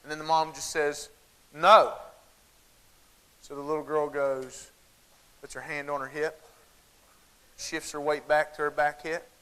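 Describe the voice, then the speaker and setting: A man with a Southern American accent giving a humorous keynote talk to a large conference crowd, folksy and animated, addressing the audience directly. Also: fairly high pitch, moderate pace, pauses often, a little hiss or hum, low-quality recording.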